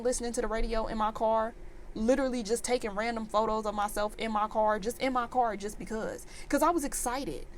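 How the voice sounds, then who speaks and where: A woman in her twenties telling a storytime vlog in an animated, exasperated rant full of fillers. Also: a little high, a little hiss or hum. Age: 20s. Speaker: vlogger.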